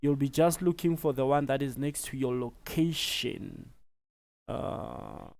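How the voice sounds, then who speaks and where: A South African man giving a relaxed step-by-step tutorial, with many fillers as he explains. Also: mid-range voice, moderate pace. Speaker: tutorial presenter. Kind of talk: screen-recorded tutorial.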